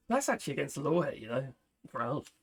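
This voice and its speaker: A man's voice: medium pitch, very animated, a little slow, vocal fry, husky. A man, reviewing a product as he unboxes it, chatty and self-mocking, talking to himself while he fiddles with things.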